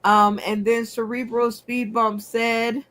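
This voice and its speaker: A woman hosting a comedy game show over a video call, playful and unhurried as she recaps everyone's picks. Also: on the high side, little pitch movement, a bit bright.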